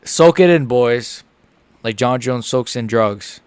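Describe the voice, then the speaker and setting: A man giving casual, excitable live reaction commentary as a streamer, chatty and full of slang. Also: medium pitch, slow pace, smooth, dry recording. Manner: chatty, excitable, lots of "like" and "bro".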